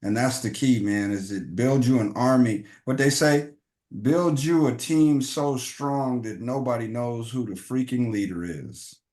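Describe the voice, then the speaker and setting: A man hosting an online training call, speaking haltingly with many restarts and calling the guest brother. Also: mid-range voice, a little mellow. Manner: halting, full of restarts, calls people brother. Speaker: host of the call.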